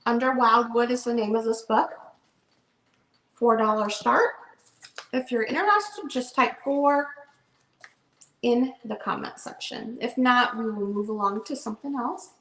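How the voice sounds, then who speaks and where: A woman's voice: fairly high pitch, unhurried, long pauses, fairly bright tone, a little hiss or hum. A woman chatting casually as she shows books for a live online sale. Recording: roomy echo.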